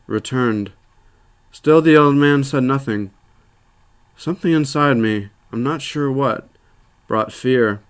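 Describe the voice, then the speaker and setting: Man reading a short story, measured. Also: mid-range voice. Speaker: narrator.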